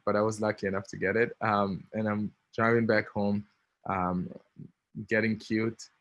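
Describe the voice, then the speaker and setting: A man's voice: on the low side, a bit bright, no room sound. A man in his thirties with an Israeli accent, telling a personal story casually, with many ums and little laughs. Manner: chatty, many ums, laughs between lines. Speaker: speaker.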